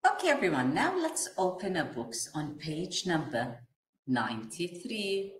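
A woman teaching a kindergarten phonics lesson, sounding out letters and words slowly in a sing-song way for small children. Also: lowish voice, sing-song, roomy sound.

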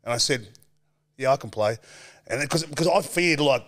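An Australian man in his forties, a former footballer, telling animated stories as a podcast guest and acting out quoted voices. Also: medium pitch, normal speed. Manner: animated storyteller, acts out quoted voices, laughs often. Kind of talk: casual storytelling chat.

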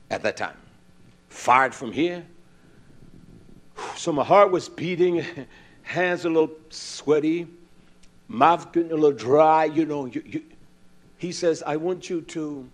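An older male preacher with a fairly high voice who delivers his sermon as animated storytelling. His pitch rises and falls widely as he acts out each scene.

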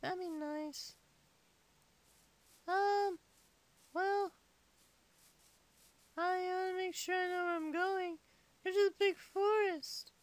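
A man's voice: fairly even intonation, slow, pauses often, no echo. A man putting on a whiny little boy's voice for a comedic game play-along, rambling rude silly remarks. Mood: childish. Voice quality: squeaky high-pitched.

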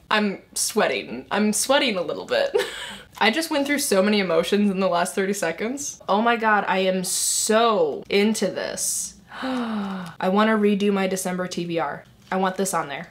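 A young woman in her twenties talks through a book haul in a casual, gushing way. She fills her sentences with "like" and "um" while her voice sits at a medium pitch. She sounds openly excited about each book. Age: 20s. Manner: chatty, gushing, many "like" and "um" fillers. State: emotional, tearing up. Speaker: book vlogger.

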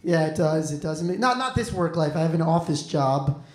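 A man's voice: fairly high pitch, expressive, brisk, a little mellow. A young man doing a stand-up comedy set, rambling and self-deprecating, swearing freely. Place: comedy club stage. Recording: echoey comedy club room.

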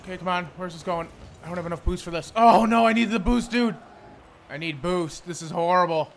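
High-pitched young man swearing at a game. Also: brisk, a little hiss or hum. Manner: frustrated, swearing, yelling at teammates. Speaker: gameplay streamer. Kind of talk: live gameplay commentary.

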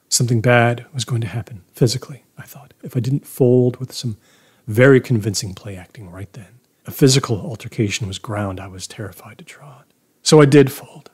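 A man reading first-person horror fiction aloud in a measured, low-key way, often dropping to near-whispers. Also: darkish tone, breathy edge. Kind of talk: first-person story narration.

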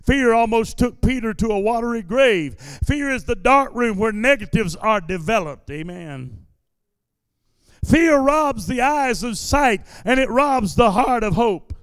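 A male pastor preaching a sermon in a church service. He repeats his lines in a steady preaching cadence and builds them up into shouted declarations. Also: very high-pitched, unhurried, smooth, no echo, clean studio sound, in a large hall. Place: church sanctuary during a service.

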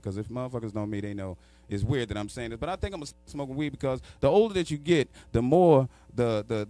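A man's voice: mid-range voice, darkish tone, dry recording. A man hosting a podcast, telling stories in a casual, profane and laid-back way. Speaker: podcast host. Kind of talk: casual storytelling chat.

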